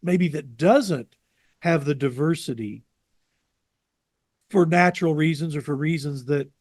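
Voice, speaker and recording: A man being interviewed over a video call, telling lively anecdotes and acting out the people he quotes. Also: fairly high pitch, unhurried, no room sound. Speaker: interview guest, jazz radio producer.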